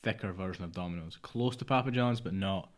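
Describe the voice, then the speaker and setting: A man's voice: sits low, fairly quick. A man, co-hosting a casual podcast chat, rambling and dropping into mutters. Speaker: podcast co-host.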